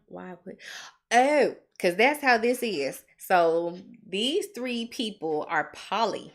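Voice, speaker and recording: Southern lady tutoring nursing dosage math live, chatty and upbeat, mid-pitched voice, keeps asking okay?. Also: slow pace. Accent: Southern American. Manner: lively, chatty and encouraging, with checking "okay?" tags.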